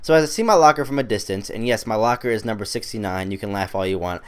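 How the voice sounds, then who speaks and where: Fast-talking teenage boy telling a story. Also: on the low side, clear, resonant tone. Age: teens. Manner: rambling, self-mocking, chatty. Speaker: gaming commentator. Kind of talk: casual gameplay commentary storytelling.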